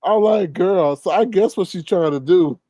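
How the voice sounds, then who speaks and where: A man's voice: high-pitched, normal speed, warm tone, no echo. A man hosting a reaction commentary, blunt and exasperated, with laughing asides. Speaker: commentary channel host.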